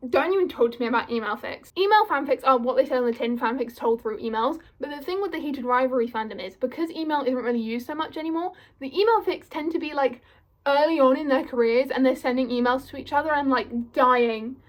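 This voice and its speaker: Gushing high-voiced young woman. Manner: gushing, filler-heavy, full of "like". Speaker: vlogger. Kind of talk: casual vlog chat.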